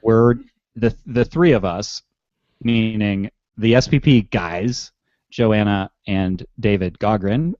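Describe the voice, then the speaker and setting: A man's voice: on the low side, slow pace, a little mellow, dry recording, muffled recording. A man hosting a podcast in casual chat, rambling and mocking himself with frequent chuckles. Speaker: podcast host.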